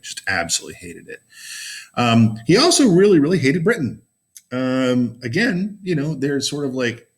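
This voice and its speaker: A man giving an informal history lecture, chatty and loose, with many fillers and sarcastic asides. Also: fairly low pitch. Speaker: teacher. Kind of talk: casual classroom lecture.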